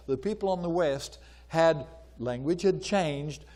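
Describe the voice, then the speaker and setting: An older man gives an informal, conversational archaeology lecture full of pauses and fillers, sometimes acting out voices as he retells a story. His voice is a little high with a darkish tone.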